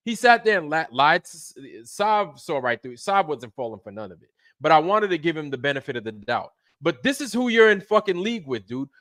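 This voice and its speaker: Channel host, heated and profane, higher-pitched male voice, dry close-mic sound. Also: fairly bright tone, no echo. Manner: heated, profane, repeats himself. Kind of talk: angry livestream rant.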